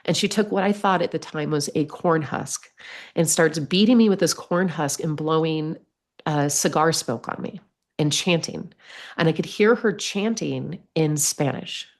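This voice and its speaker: A woman telling a personal story as a podcast guest, lively, acting out the voices she quotes. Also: low-pitched, gravelly. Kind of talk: storytelling in conversation.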